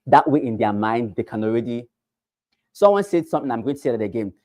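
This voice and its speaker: Nigerian male trainer, mellow dark tone, dry close sound, drills points by repeating them. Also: medium pitch, expressive, quick pace, no room sound. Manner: repeats phrases and asks the class rhetorical questions. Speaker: real estate trainer. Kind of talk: teaching a class.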